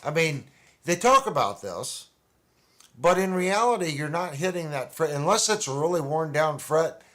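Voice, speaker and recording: A man's voice: on the high side, very animated, normal speed, a bit bright. A man hosting a casual livestream, chatting in a rambling, conversational way with restarts. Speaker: livestream host. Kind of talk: casual chat about guitars.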